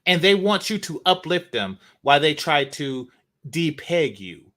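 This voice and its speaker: A man doing reaction commentary who speaks bluntly and curses freely. His voice sits on the higher side for a man. His pitch swings widely as he presses his points. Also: sing-song, measured pace, fairly bright tone. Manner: blunt, profane, emphatic.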